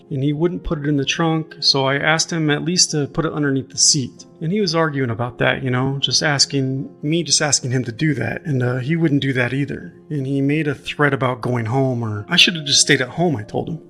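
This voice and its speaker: A man reading out the testimony of a young woman witness, in a halting manner with many fillers. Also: mid-range voice, creaky, pushed and bright. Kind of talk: reading a courtroom transcript aloud.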